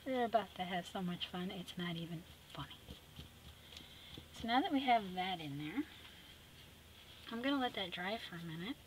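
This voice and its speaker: A middle-aged woman hosting an art tutorial, chatty and teasing, narrating as she paints and dropping into soft whispered asides. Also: lowish voice, animated, normal speed, long pauses, slight background noise, rough recording.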